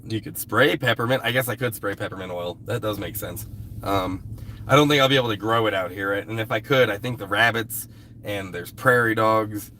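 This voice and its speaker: A man talks to his livestream viewers in a somewhat low voice. He rambles in a loose, easygoing way and swears offhandedly. A faint background hiss runs under the speech. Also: a little fast, pushed and bright. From US West Coast. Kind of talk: casual live-stream chat with viewers.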